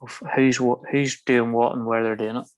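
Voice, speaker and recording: Rambling podcast co-host. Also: male voice, mid-range voice, level tone. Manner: rambling, brisk news rundown with fillers. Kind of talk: casual podcast chat.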